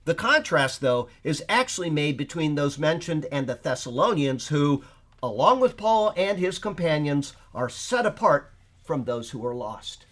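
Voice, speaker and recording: A man with a somewhat high voice teaches an informal Bible study. He explains points at length and thinks aloud with fillers as he goes. He keeps checking in with his listeners to make sure they follow. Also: sing-song, moderate pace, a bit bright. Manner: checks in with listeners, often asking "okay?".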